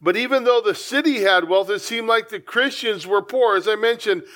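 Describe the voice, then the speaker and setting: A man's voice: sits high, normal speed, fairly bright tone. A man pastor preaching a conversational sermon, breaking into acted-out asides.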